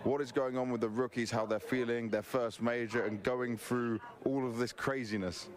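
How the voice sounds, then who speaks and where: A man's voice: medium pitch, steady tone, moderate pace. A man interviewing an esports coach, asking friendly, rambling multi-part questions. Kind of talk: post-match interview.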